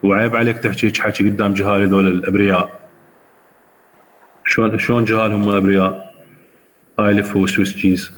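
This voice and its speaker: A man with an Iraqi Arabic accent lectures at a brisk clip in a low voice, quizzing his class on words. The room gives a long, ringing reverb. A faint background noise sits under the speech. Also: flat delivery. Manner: explains word by word and quizzes students. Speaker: university English lecturer.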